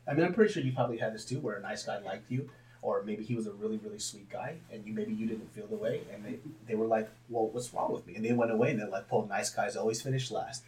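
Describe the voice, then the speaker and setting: A young man talking candidly in a casual interview, swearing freely and breaking into loud laughs as he tells stories about himself. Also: fairly low pitch, quick pace. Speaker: podcast guest, comedian.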